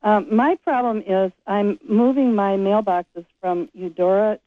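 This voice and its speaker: A woman's voice: mid-range voice, a little slow, no echo. A woman calling in to a radio show to ask a question, polite and earnest. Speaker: caller. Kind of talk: phone-in question. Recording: tinny phone line.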